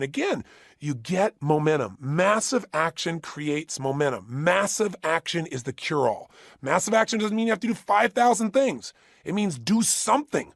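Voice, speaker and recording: Emphatic man coaching in a high voice. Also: no room sound, clean studio sound. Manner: emphatic, repeats phrases for effect. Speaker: motivational speaker. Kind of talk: motivational audio program.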